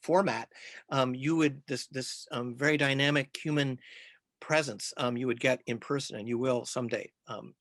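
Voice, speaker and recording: Halting man introducing guests. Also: mid-range voice, steady tone, fairly bright tone, no echo. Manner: hesitant, many ums. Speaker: host of a library author event. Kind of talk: hosting introduction.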